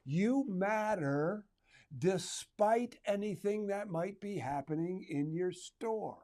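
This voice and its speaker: A man's voice: sits high, expressive, slow, mellow. A middle-aged man, a retail trainer, telling a personal story to retailers in a conversational way, with asides and humor.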